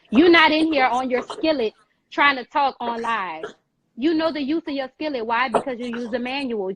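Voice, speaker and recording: A woman giving emphatic, preachy advice in an animated way, repeating phrases and calling the listener girl, on a live video call. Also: on the high side, background noise.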